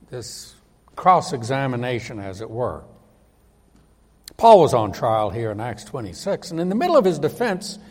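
A man's voice: on the high side, slightly rough, big-room sound. A man preaching a sermon with emphasis, often acting out the voices of the people he quotes.

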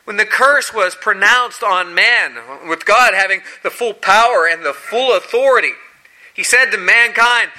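A man preaching a sermon with a high, very bright voice. He speaks slowly and deliberately. He acts out the scripture quotes dramatically, sometimes dropping low and quiet, sometimes rising high and loud. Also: expressive, poor audio.

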